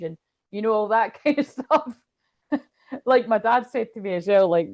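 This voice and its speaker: A woman's voice: medium pitch, lively intonation, moderate pace, long pauses, a little mellow. A Scottish woman talking casually at home as a tarot reader, rambling and laughing often. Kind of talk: casual livestream chat.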